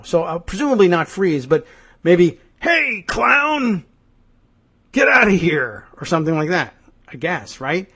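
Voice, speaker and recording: A male talk show host, his voice pitched a little higher than most men's, rambles through a news story with dry sarcasm. He keeps riffing and joking, and often slips into mock voices. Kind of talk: comedic news commentary.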